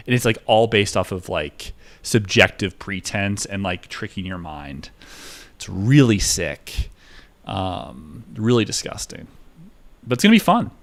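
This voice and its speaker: A man's voice: on the low side, big pitch swings, measured pace. A man chatting casually on a live stream while trading, rambling and profane, with lots of filler words. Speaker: livestreamer trading stocks.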